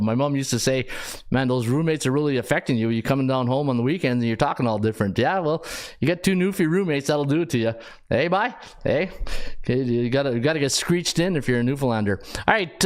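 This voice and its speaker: A middle-aged man with a Canadian accent hosting a sports betting podcast, chatting to viewers by name between rattled-off stats. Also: on the high side. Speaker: host, sports handicapper.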